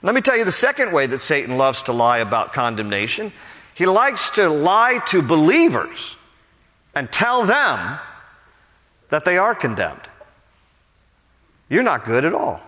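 Preaching man with a higher voice. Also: wildly swooping pitch, a little slow. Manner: impassioned preaching that turns hushed and pastoral. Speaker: pastor. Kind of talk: sermon. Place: church sanctuary with a congregation. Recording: long church hall reverb.

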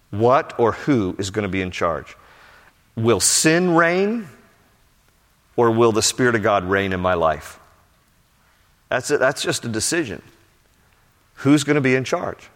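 A man's voice: lowish voice, fairly bright tone. An older man preaches to his congregation. He tells stories with animation and pushes his points home with emphatic exhortation. A long reverb trails every line, as if heard across a church sanctuary. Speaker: pastor. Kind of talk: sermon.

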